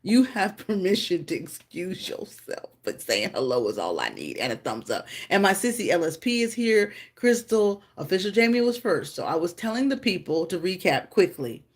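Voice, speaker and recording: A woman hosting a casual livestream. She rambles and chats, greets viewers by name, and often jumps into high, loud exclamations. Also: big pitch swings, moderate pace, few pauses, breathy edge. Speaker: livestream host.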